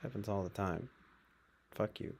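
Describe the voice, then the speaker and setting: A man's voice: normal speed, a little mellow, slightly rough. A man streaming live, reading news aloud and reacting with casual, sarcastic commentary. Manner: sarcastic, swings into mocking high voices.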